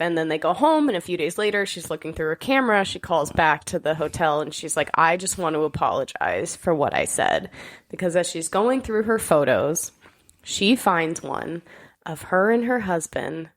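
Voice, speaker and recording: Female podcast co-host, lower pitch, teasing, lively storyteller. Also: normal speed. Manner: laughing, teasing, animated storytelling. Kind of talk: casual chat.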